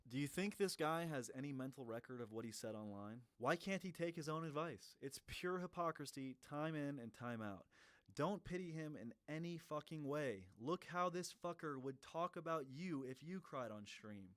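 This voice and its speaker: A man tears into video clips with profane, mocking commentary. His voice sits a little high for a man and sounds close and dry, with no room around it. He keeps up a biting, scornful tone. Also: expressive, normal speed, a bit bright, dry recording. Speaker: commentary streamer. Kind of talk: reaction commentary.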